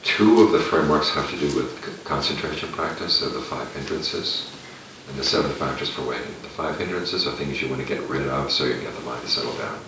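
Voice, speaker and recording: A man, a meditation teacher, giving a relaxed, conversational dharma talk and chuckling at his own asides. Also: very deep voice, fast. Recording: echoey room, distant mic, lo-fi with noise.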